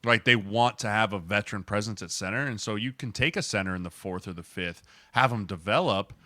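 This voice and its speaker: A man co-hosting a podcast, a former lineman talking in a casual, animated storytelling way. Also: lowish voice, fairly quick, dry recording, studio quality. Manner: animated, shouts acted quotes.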